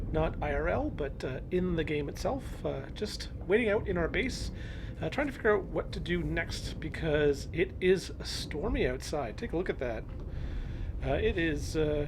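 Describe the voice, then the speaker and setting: Chatty gravelly male game streamer. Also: on the high side, noisy background. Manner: chatty, talks to in-game animals in a cooing voice. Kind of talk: live game stream commentary.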